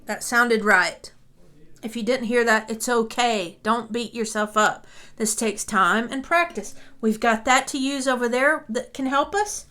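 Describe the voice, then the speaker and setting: A woman's voice: fairly high pitch, measured pace, bright, forceful tone. A woman teaching a music lesson, talking patiently and reassuringly, often checking in with "okay?", and sometimes singing along.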